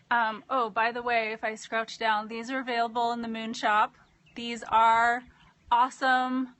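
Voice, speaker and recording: A woman with a bright, forceful voice set a little high hosts a live video stream. She gushes with a spiritual warmth as she chats to her viewers and reads out their comments from a home webcam. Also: level tone, measured pace. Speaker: host of a live online women's circle.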